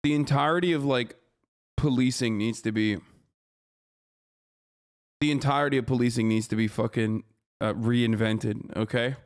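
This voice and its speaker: A man's voice: mid-range voice, fairly even intonation, moderate pace, long pauses. A man livestreaming, reacting to a news story with heated, profanity-laden ranting and scolding his chat. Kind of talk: live stream reaction commentary.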